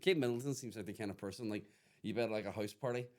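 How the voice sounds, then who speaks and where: Fast-talking man, sweary and joking. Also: lowish voice, darkish tone. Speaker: podcast guest. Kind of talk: casual chat.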